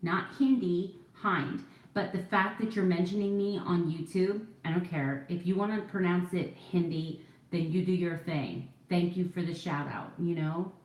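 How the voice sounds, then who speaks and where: A woman's voice: lowish voice, fairly even intonation, normal speed, a little mellow, echoey room, low-quality recording. A woman in her forties chatting casually while doing her makeup at home, rambling and poking fun at herself. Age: 40s. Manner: chatty, rambling, self-deprecating. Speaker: vlogger. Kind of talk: casual get-ready-with-me chat.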